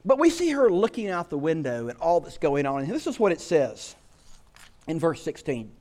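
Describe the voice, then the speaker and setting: A man's voice: a little high, normal speed. A man preaching a sermon as a pastor, telling stories with lots of rhetorical questions. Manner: animated storytelling with rhetorical questions.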